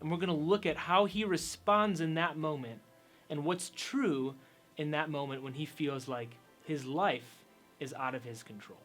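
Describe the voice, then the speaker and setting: A man's voice: a little high, a little slow, a bit bright, soft background music. A man giving an upbeat, conversational youth sermon as pastor, telling stories along the way.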